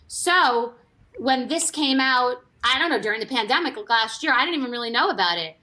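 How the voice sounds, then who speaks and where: Lady spilling tea, candid and rambling, keeps restarting, crisp bright voice. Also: high-pitched, animated, moderate pace. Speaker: former reality TV cast member. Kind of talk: casual gossip storytelling.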